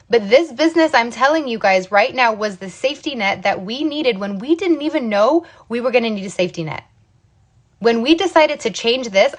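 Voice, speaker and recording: A woman in her thirties from the United States, telling her own business story to camera in an emphatic, motivational way, often checking in with "okay?". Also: a little high. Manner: emphatic, repeats "okay?" and "you guys". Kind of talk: casual motivational talk to camera.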